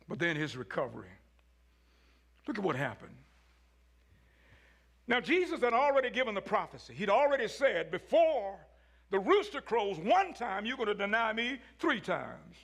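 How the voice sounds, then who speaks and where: A man preaching a sermon as pastor, swinging from hushed lines to shouts. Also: high voice, creaky, husky.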